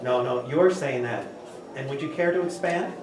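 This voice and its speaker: A woman's voice: rumbling low, normal speed. A woman reading a theater script in a dry, lecturing manner in a conference room. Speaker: reader's theater performer. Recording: echoey room from far off, noisy.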